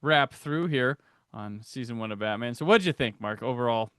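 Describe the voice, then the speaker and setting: A man's voice: medium pitch, moderate pace, fairly bright tone, smooth, dry recording, studio quality. A man hosting a podcast in a casual chat, rambling loosely and laughing often. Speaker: podcast host.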